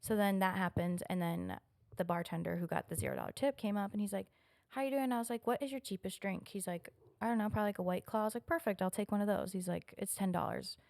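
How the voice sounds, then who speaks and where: A woman's voice: medium pitch, animated, fast talker, vocal fry, a little mellow, no room sound. A woman guest on a casual podcast, telling a blunt anecdote, quoting back-and-forth dialogue and swearing. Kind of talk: casual chat, storytelling.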